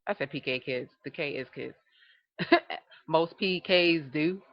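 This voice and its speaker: A podcast co-host speaks in a low voice at a measured pace, and the recording is muffled. In casual chat she tells lively stories, laughing often and acting out quotes.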